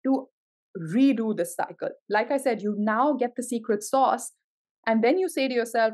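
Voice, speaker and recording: A woman's voice: a little high, normal speed, a little mellow. A woman giving a tarot reading to camera, gushing and emotional, full of exclamations. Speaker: tarot reader.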